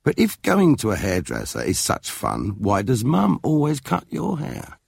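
A man's voice: medium pitch, huge pitch swings, unhurried, gravelly, a little mellow, husky, no room sound, studio quality, voice pushed up, full character voice. A man reading a storybook, voicing a small fussy boy who whines and wails. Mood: doubtful. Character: boy child, fussy and whiny.

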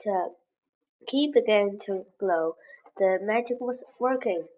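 A woman's voice: mid-range voice, takes it slowly, lo-fi sound. A woman reading a graded children's story aloud for English learners, with careful, evenly paced delivery. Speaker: English lesson reader.

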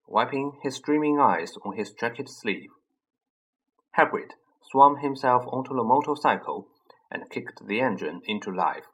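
A man narrating a children's fantasy audiobook in a measured, expressive storytelling manner. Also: mid-range voice, slightly rough, poor audio. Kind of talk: scripted narration.

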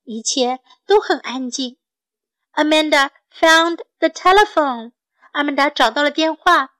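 Slow, gentle woman reading a children's story. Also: high-pitched, low-quality recording.

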